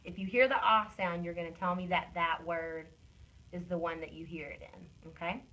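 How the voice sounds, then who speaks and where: A woman reading teacher giving a one-on-one phonics lesson, stretching out sounds slowly and praising often, recorded on a phone camera. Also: on the low side, steady tone, bright, forceful tone, poor audio. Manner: slow, drawn-out modeling of sounds and words; encouraging praise.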